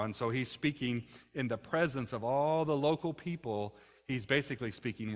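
This male pastor speaks at medium pitch and a moderate pace with few pauses, giving a conversational sermon in a church sanctuary. He tosses rhetorical questions to the congregation, and long hall reverb fills the recording.

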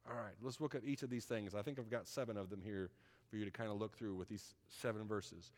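Folksy preacher in a reverberant hall. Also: male voice, on the low side, fairly even intonation, fast talker, a little mellow. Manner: folksy, conversational, asks the congregation "right?". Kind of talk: sermon.

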